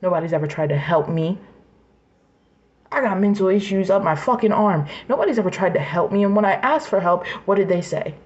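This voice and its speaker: A woman's voice: mid-range voice, fairly quick, darkish tone, dull audio. A woman in her twenties venting in an emotional personal rant, angry, raw and profane, sometimes dropping to a whisper. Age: 20s. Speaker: vlogger.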